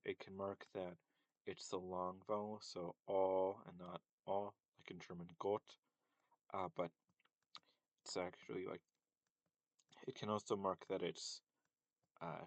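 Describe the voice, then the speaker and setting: Male tutor, deep voice, slow and halting delivery with lots of ums. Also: no echo. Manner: hesitant, many fillers and self-corrections. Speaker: language teacher. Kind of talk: casual linguistics lesson.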